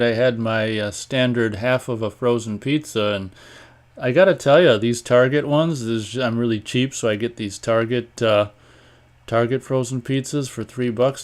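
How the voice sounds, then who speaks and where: A man hosting a live online show, chatting casually and reading viewer comments aloud in a rambling, offhand way, often clearing his throat. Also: medium pitch. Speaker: host of a live online radio stream.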